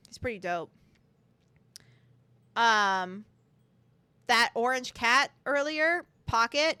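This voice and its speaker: A woman's voice: on the high side, pushed and bright, clean tone, no room sound. A young woman streaming a game, reading its text aloud with chatty, giggly commentary and casual swearing. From United States.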